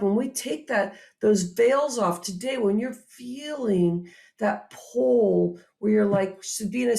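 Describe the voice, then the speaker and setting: Gravelly upbeat woman hosting. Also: a little high. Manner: animated, upbeat, speaks to audience directly. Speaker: host. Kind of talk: motivational talk.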